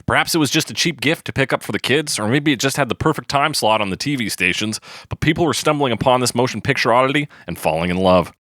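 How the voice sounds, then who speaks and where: A man's voice: mid-range voice, expressive, fast talker, hardly any pauses, fairly bright tone, no room sound, clean studio sound. A man hosting a podcast, reading scripted narration and then bantering playfully with his co-host. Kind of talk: scripted narration and casual chat.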